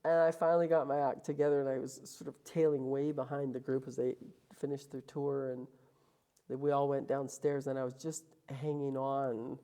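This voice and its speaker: Speaking at a moderate pace in a rumbling low voice, this interview guest from Calgary, Canada, shares her story in a casual manner. She animatedly performs the words of the people she describes.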